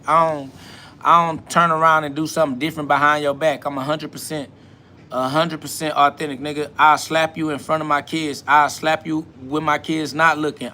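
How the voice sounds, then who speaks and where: Blunt, bright-voiced man preaching on a live podcast. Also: fairly high pitch, a little hiss or hum. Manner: blunt, profane, preachy, repeats "facts"; answers chat comments aloud. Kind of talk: live self-talk podcast monologue.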